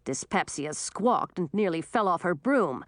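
Expressive woman reading a storybook. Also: on the low side, measured pace, no room sound, studio quality. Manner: expressive, dramatic. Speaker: narrator. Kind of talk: storybook read-aloud.

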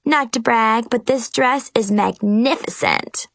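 A woman voicing a bubbly young fairy godmother who is bossy and flustered, with a high, chirpy delivery. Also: slow, fairly bright tone, no room sound, heavily acted.

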